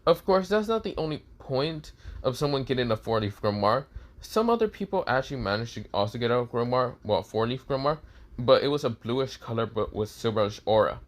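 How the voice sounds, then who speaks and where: A man's voice: medium pitch, expressive, brisk. A man casually narrating a fan story, rambling with lots of fillers and restarts.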